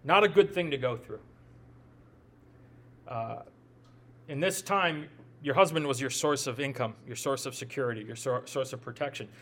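A man's voice: mid-range voice, moderate pace, long pauses, fairly bright tone. A man with a Midwestern accent preaching a sermon as pastor, conversational, often repeating words as he thinks aloud and adding joking asides.

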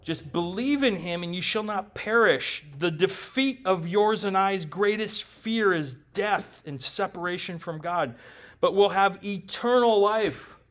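A man's voice: high voice, unhurried, a bit bright. A pastor preaching a sermon, emphatic and conversational, tossing rhetorical questions to his congregation and slipping in light jokes.

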